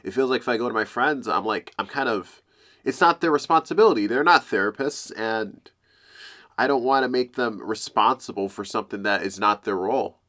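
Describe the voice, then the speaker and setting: A young man talking openly to camera in a halting, emotional, confessional way. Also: on the low side, pushed and bright. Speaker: vlogger.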